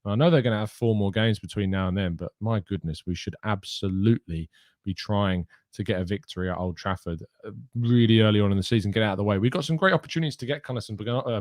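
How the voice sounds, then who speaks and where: Fast-talking and fairly low-pitched, a man hosts a live show where he reads viewer questions aloud and responds in casual conversation. The studio-quality audio has no echo.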